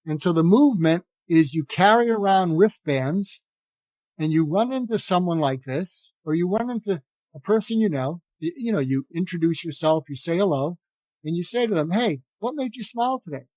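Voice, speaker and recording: An older man, a psychiatrist guest on an interview podcast, telling animated anecdotes and acting out the dialogue in them. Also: on the high side, moderate pace, dry recording.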